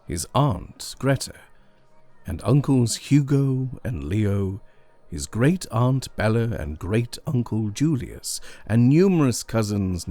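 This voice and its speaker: Deep, gravelly male horror narrator. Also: mellow. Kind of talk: scripted horror story narration.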